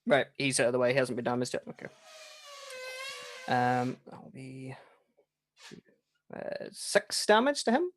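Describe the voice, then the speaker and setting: A man playing a tabletop game, calmly thinking aloud while working out his rolls. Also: mid-range voice, measured pace, pauses often, slight background noise. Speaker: player. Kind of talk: casual game chat.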